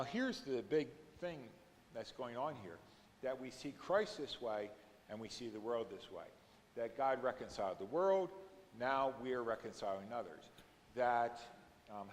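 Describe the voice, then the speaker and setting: A man's voice: mid-range voice, long reverb tail, slight background noise. A man teaching an adult education class at a church, explaining scripture readings step by step and rising to emphatic moments when he quotes them.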